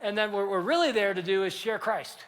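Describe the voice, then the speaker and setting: A man in his sixties preaches in a storytelling way, animating every anecdote and voicing the people he quotes. His voice sits high and sounds bright and forceful. A long reverb from the church hall trails behind each phrase. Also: a little fast. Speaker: pastor. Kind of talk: storytelling sermon.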